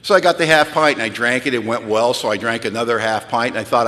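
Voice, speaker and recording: A man from California telling his recovery story at a retreat, candid and wry, sinking low and quiet, then rising to pleading intensity. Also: quick pace, hardly any pauses. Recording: long hall reverb.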